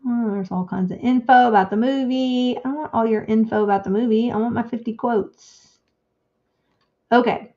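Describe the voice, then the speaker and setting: Slow-talking woman muttering over crafts. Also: on the high side, dark tone, lo-fi sound. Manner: thinks aloud, muttering to herself; reads quotes slowly and deliberately. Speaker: crafting streamer. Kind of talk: casual craft-along chat.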